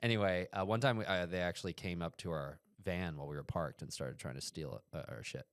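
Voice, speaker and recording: Deep-voiced young guy rambling through a story. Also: a little fast, smooth, no echo. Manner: rambling, filler-heavy, swearing. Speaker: podcast co-host. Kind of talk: casual comedic storytelling.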